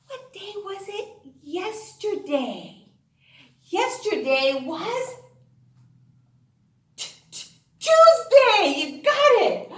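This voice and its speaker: A woman's voice: extremely high pitch, a bit bright, echoey room. A woman teacher giving a phonics lesson to young children in an exaggerated sing-song voice, prompting, gasping and singing the letter sounds.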